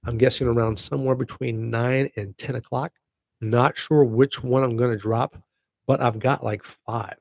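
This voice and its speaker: A middle-aged man hosting a casual solo show, chatting in an excitable, rambling way with laughing asides. His voice is gravelly and a little husky, at an ordinary middle pitch. The sound is dry and close. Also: normal speed, dry recording. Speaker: podcast host.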